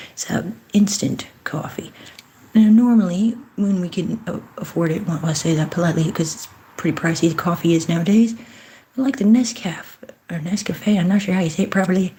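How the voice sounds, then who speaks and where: A woman hosting a casual livestream, chatting to viewers, giving blessings and greetings, and often dropping into soft whispered asides. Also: low voice. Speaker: livestream host.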